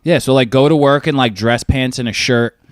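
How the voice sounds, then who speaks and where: A man co-hosts a podcast and jokes in an easy, relaxed way. His voice sits in a middle pitch. The sound is dry and close. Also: fairly quick, dry recording. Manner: laid-back, joking, says dude a lot. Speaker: podcast co-host. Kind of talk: casual chat.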